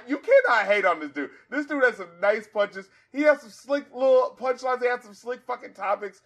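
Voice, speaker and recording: A man hosting a casual album review podcast, animated and profane, quoting lyrics aloud and laughing often. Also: very high voice, normal speed.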